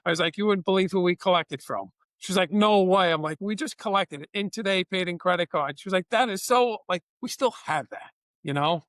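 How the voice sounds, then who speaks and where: A business owner with a fairly high voice, telling stories with real animation. He acts out both sides of the conversations in his anecdotes. The sound is dry and close to the mic. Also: a little fast, fairly bright tone, no echo. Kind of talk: conversational storytelling.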